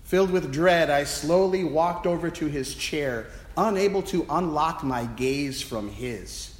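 A man's voice: on the high side, a little slow. A man, a priest, preaching a sermon as a self-deprecating personal story, in a church. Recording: echoey church with long reverb.

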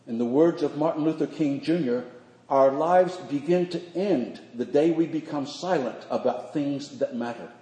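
An older man, a priest, preaching a sermon in measured, earnest phrases with slow emphatic pauses. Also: a little high, dark tone. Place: church sanctuary. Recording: echoey church hall.

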